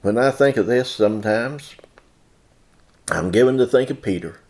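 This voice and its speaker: A man preaching a sermon in a church, who often rises sharply in pitch and loudness. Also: lively intonation, moderate pace. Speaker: pastor.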